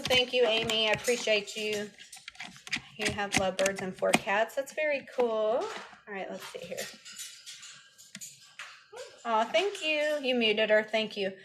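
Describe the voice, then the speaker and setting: A woman's voice: fairly high pitch, background noise. Chatty woman livestreaming from her phone. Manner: chatty, talks to viewers, answers comments aloud. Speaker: vlogger answering live chat. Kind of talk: casual livestream chat. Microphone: phone camera.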